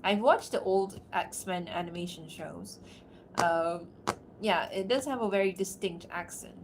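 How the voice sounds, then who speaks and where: A woman streamer from outside America chatting casually on a livestream, talking in quick asides and laughing often. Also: on the low side, noisy background. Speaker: streamer and voice actor.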